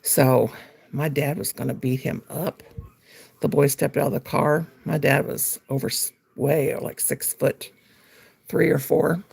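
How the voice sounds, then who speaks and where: A woman on her home livestream talks as she crochets, her voice heavily gravelly with plenty of fry. The tone is husky and a little rough. She rambles through her memories and stops now and then to answer comments from her viewers. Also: a bass voice, steady tone, a little slow, darkish tone. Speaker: livestream host. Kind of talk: casual livestream chat while crocheting.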